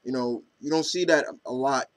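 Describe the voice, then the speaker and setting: A man's voice: medium pitch, normal speed, no room sound. A man vlogging casually as an enthusiastic anime fan, talking in a hesitant way with many ums and restarts. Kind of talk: casual chat.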